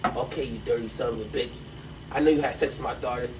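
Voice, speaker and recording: A man putting on the voice of a stern middle-aged farmer who makes threats in a lowered, gruff tone, during a joke on a podcast. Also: fairly even intonation, fast, natural voice. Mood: menacing. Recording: distant mic, faint background noise.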